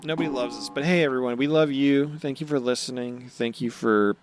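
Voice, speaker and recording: A man co-hosting a casual podcast, recapping anime episodes, excitable and swearing, acting out character lines in quick voices. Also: mid-range voice, over music. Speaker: podcast co-host.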